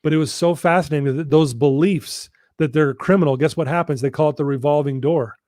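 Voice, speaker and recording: A man's voice: fairly high pitch, fairly even intonation, dark tone, dry recording, studio quality. A man, a personal-development coach, telling a story as a guest in a live interview, leaning hard on key lines. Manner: earnest, drawn-out emphasis on key lines.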